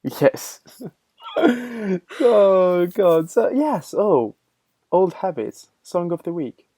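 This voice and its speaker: A woman's voice: on the low side, animated, drawn-out words, warm tone, breathy edge, no room sound. A woman co-hosting a podcast in casual chat, talking in an easygoing way with short replies. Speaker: podcast co-host.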